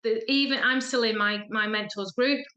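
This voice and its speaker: A woman's voice: on the high side, fairly even intonation, moderate pace, bright, forceful tone, lo-fi sound. A woman in her thirties, a guest on a podcast, telling her story chattily and acting out the voices of people she quotes. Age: 30s. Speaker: guest, feng shui coach. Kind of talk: casual podcast chat. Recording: echoey room.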